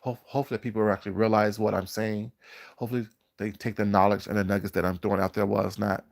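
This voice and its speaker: A man talks to his live-stream chat in a slightly low voice. He sounds groggy, like it is early morning for him. He lectures in a drawn-out, preachy way and stops to greet viewers in the chat. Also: flat delivery, vocal fry. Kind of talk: casual live-stream commentary.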